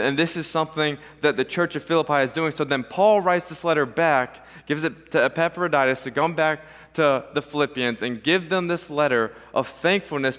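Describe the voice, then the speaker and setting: A man's voice: a little high, fairly bright tone. Man preaching in a reverberant hall. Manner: storytelling, acts out voices in an anecdote. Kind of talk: sermon. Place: church sanctuary. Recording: long reverb of a large hall.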